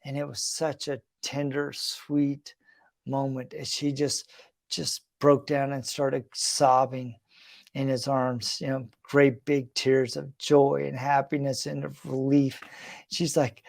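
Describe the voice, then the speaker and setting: A man's voice: mid-range voice, little pitch movement, takes it slowly, vocal fry, no echo, studio quality. A middle-aged man hosting a podcast, telling a heartfelt personal story in an earnest, reflective, conversational way. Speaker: podcast host.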